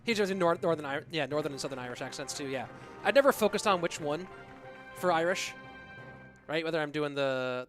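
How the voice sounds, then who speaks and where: A man's voice: on the high side, animated, a little fast, faint music behind. A man casting a live esports match, drifting between put-on Scottish and Irish accents. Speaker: esports caster. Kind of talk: live game commentary.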